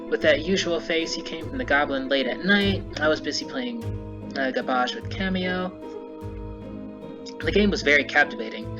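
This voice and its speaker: A man's voice: fairly high pitch, natural voice. A man voicing a worried, gushing motherly village woman in a game he reads aloud. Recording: dull lo-fi sound, game music behind.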